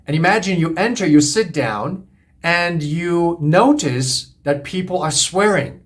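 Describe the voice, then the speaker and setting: Earnest man lecturing, slightly high voice. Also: animated, measured pace. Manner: earnest, repetitive, emphatic teaching. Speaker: relationship coach. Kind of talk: monologue lecture to camera.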